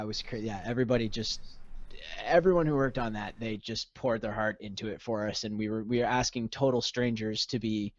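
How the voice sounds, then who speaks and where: A man's voice: on the low side, muffled recording. A man chatting casually as a podcast guest, enthusiastic and rambling, with many restarts. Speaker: musician guest.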